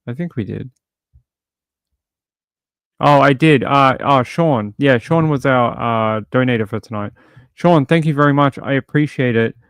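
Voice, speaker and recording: A man hosting a livestream, chatting casually and a little rambling. He reads viewer comments and tosses in playful jokes. His voice sits mid-pitch and sounds close and dry. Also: a little slow, long pauses, clear, resonant tone, no echo. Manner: chatty and rambling, many fillers and restarts; jokey, playful asides. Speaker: livestream host.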